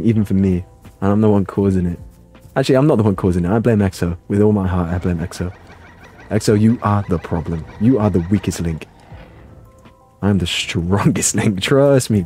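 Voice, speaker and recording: A man's voice: fairly low pitch, breathy edge. A young man, streaming a game from his bedroom with self-mocking, playful commentary. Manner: animated, self-mocking, bursts into playful singing. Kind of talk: livestream gaming commentary.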